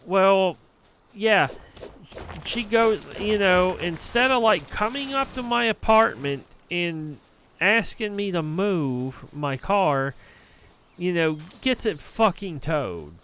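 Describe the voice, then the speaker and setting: Slow-talking man with a bright, crisp voice. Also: high voice, expressive, a little hiss or hum. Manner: rambling, profane, heated anecdote. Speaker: streamer. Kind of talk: casual livestream storytelling.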